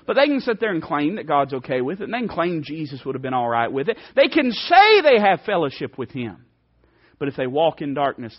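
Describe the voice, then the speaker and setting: Fervent high-voiced preacher, muffled radio. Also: male voice. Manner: fervent, swings from loud emphasis to hushed soft passages. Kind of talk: sermon.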